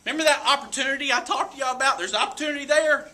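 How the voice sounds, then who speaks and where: A man giving a motivational talk to a live audience, telling a story in an animated way with frequent laughs. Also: extremely high pitch, rapid-fire, noisy background. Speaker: motivational speaker. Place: event room with an audience.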